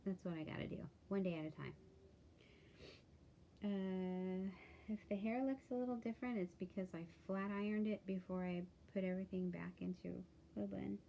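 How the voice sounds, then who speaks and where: A tired woman talking candidly in a casual video diary, with halting speech and many pauses and fillers. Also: medium pitch, vocal fry, highs cut off, a little hiss or hum. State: tired, yawning. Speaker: vlogger.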